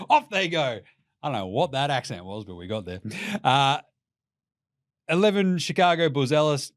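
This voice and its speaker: A young man with an Australian accent riffs through casual sports commentary, brash and full of swearing and jokes. His voice sits a little high. The sound is dry and close, with no room echo. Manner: brash, profane and jokey. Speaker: basketball commentary host.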